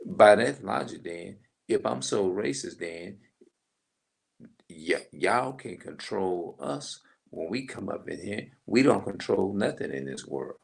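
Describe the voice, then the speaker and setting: A man's voice: low-pitched, expressive, slow, gravelly. A middle-aged man in a rambling, emphatic casual monologue, swearing freely as he vents. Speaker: vlogger.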